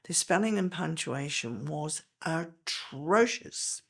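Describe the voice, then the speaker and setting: A woman's voice: deep voice, animated, slow pace, vocal fry, fairly bright tone, breathy edge. An older woman, a veteran teacher explaining in a podcast interview, emphatic and step by step.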